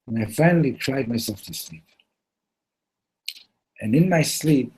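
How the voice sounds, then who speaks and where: A man at a yeshiva gathering retelling a Hasidic story in a heartfelt, animated way, mixing in Yiddish and Hebrew words. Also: medium pitch, unhurried, long pauses, slightly rough, rough recording.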